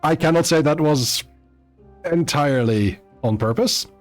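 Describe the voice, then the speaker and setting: A man's voice: a little high, soft background music. Chatty man streaming a game. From Netherlands. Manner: chatty, halting, with many fillers and restarts. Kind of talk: live gameplay stream chat.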